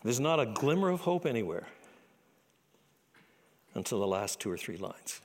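Animated, dramatic male preacher. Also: normal speed. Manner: expressive, dramatic, drops low for solemn lines. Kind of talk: sermon.

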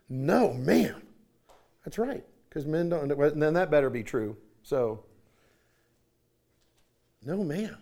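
A male preacher delivers his sermon through stories, his voice sitting a little high for a man. He pauses now and then to clear his throat and keeps a conversational storytelling flow. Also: dark tone.

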